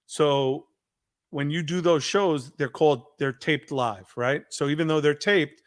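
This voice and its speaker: A man hosting a podcast, telling a story in an animated way and acting out the people he quotes. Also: a little high, unhurried, no room sound. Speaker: podcast host. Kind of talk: casual storytelling chat.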